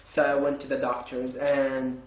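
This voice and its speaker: A man's voice: medium pitch, monotone, a little slow, reverberant. A man telling a story in a casual vlog, rambling and stumbling through many restarts. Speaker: vlogger.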